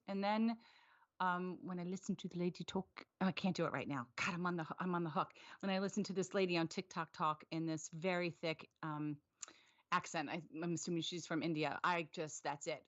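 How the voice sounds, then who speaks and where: A woman with a fairly low voice talks in a chatty, self-deprecating way, laughing often. She is on a live video call. The audio sounds dull and lo-fi. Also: fairly bright tone. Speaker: guest. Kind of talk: casual live-stream chat.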